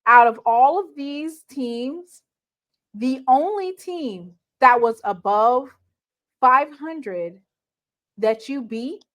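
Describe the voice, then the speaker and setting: A woman hosting a sports talk show, laying out a team's record and pressing a guest with pointed questions. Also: fairly high pitch. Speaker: host.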